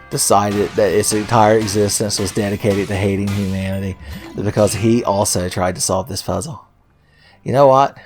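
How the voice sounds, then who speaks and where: A man's voice: fairly low pitch, a little mellow. Profane, sarcastic male gameplay commentator. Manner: profane, sarcastic, mock-exasperated ranting. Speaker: let's play host.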